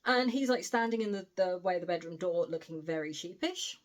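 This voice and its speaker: A woman's voice: on the low side, a little fast. Chatty British woman recapping a novel. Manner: chatty, animated retelling with cheeky asides and swearing. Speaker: book reviewer. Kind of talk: casual spoiler recap of a novel.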